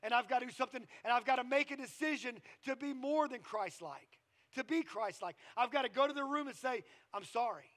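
Man, pastor, sermon, casual storytelling, very high pitch. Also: fairly quick. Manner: conversational storytelling preaching, drops to quiet asides.

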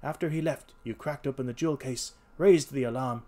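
A man voicing a calm, shrewd detective who speaks in a measured, composed way. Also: medium pitch, voice pushed up, lightly acted. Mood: accusing. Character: calm, shrewd male detective, stern at times. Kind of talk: read-aloud character voice.

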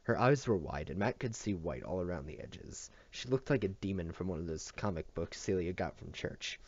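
Male amateur reader, low voice, plain reading with stumbles; dry lo-fi sound. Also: animated, normal speed, a little mellow. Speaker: audiobook reader. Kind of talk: reading a novel aloud. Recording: dull dry lo-fi home recording.

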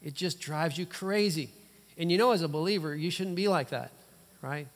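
Male guest preacher, fairly high voice, lively rhetorical sermon, long church reverb. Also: normal speed. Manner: animated, rhetorical questions, playful asides. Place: church sanctuary.

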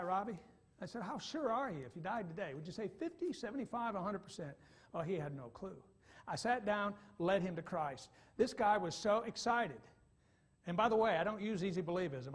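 High-pitched evangelist guy telling a story in church, voice jumps all over, loud then quiet. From Michigan. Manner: animated, swings from quiet asides to loud bursts. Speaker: evangelist preacher. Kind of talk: sermon storytelling.

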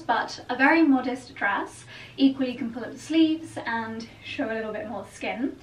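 A woman vlogger gushes through a clothing try-on, chatty and effusive, her voice sitting a touch high. She is picked up from across an echoey room, with a faint hiss underneath. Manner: gushing, effusive praise; chatty and lightly laughing. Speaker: fashion vlogger. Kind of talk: try-on haul chat. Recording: roomy echo, distant mic, faint hiss.

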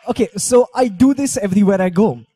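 A man's voice: high voice, brisk, dark tone, breathy edge, no echo. A young man, talking on stage and playfully teasing and coaching his audience. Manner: playful, teasing, coaxing the crowd. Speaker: speaker on stage. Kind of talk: live talk with audience drills. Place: auditorium stage.

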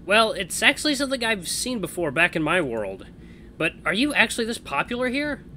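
A man's voice: sits high, big pitch swings, fairly quick, pushed and bright, slight background noise, voice pushed up, exaggerated voice. A man voicing a nervous young male hero who speaks hesitantly and stammers. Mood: curious.

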